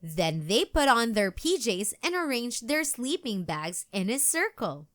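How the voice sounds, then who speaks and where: Slow, sing-song woman reading a kids' book. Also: fairly high pitch. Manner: gentle, expressive, sing-song. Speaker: children's book reader. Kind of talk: read-aloud storytelling.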